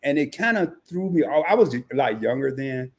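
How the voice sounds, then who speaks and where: A man's voice: mid-range voice, animated, fairly quick. A man hosting a casual livestream interview, teasing his guest and laughing often. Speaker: livestream host.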